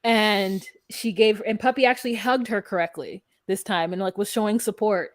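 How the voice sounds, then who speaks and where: A woman's voice: mid-range voice, normal speed, no room sound. A woman co-hosting a podcast, giving blunt, profane opinions and acting out what others said in a casual recap chat. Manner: blunt, profane, animated retelling. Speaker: podcast co-host.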